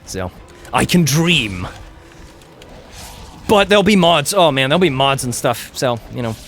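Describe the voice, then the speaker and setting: A man chatting casually to his chat while playing an action game, getting loud and excited during fights. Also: mid-range voice, a little slow, soft background music. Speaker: game streamer.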